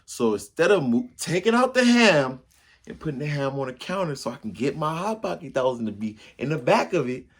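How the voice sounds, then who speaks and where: A man telling a funny personal story to his viewers in a casual, slangy way, acting out the crashes and his own yells. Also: fairly high pitch, brisk. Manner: animated, acts out yells and crashes.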